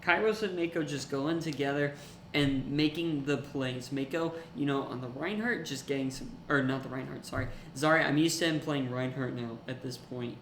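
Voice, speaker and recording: A young man casting a college esports match, excitable and jokey, rising to shouts in the big plays. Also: medium pitch, normal speed, reverberant, slight background noise. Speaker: esports caster. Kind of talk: play-by-play commentary.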